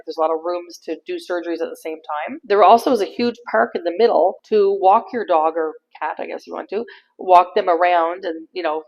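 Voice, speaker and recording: A middle-aged woman from Canada, chatting in a casual vlog and telling stories in an animated way, laughing easily. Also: lowish voice, dull audio. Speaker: vlogger.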